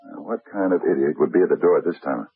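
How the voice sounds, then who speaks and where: An actor playing an anxious, dull middle-aged stockbroker in an old radio drama, hesitant and stammering. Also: male voice, rumbling low, fast, breathy edge, heavily acted. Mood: grumpy. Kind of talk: 1970s radio drama acting.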